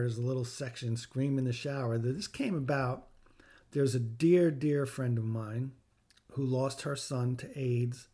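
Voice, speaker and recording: A man's voice: mid-range voice, warm tone. A middle-aged man hosting a podcast, speaking in an earnest, heartfelt way and stressing his points through repetition as he reflects on faith. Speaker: podcast host. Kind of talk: personal reflective talk with faith teaching.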